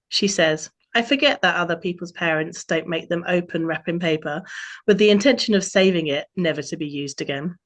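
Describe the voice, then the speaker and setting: A woman's voice: on the low side, brisk. A British woman author reading aloud from her own novel, with a few hesitant fillers when she introduces it. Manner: hesitant with fillers before reading, then steady. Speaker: guest author.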